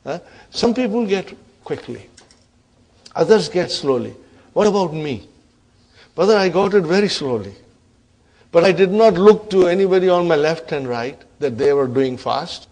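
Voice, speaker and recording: Man, Arabic teacher, classroom lesson, encouraging, question-asking, slightly high pitch. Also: lively intonation, normal speed, long pauses, a little mellow. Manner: encouraging, asks the class questions, repeats words for emphasis. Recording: classroom lecture recording.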